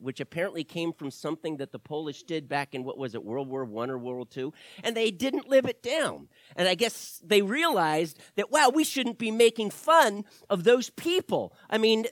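A middle-aged male pastor preaching a sermon to his church, swinging from loud emphasis to quiet asides, with self-deprecating humor. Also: sits high, dry recording.

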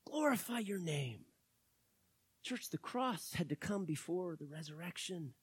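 A pastor preaching a sermon to his church, swinging between hushed words and loud, fervent calls. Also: high-pitched, lively intonation, measured pace, slightly rough, dry recording. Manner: dramatic, swings from hushed to shouting.

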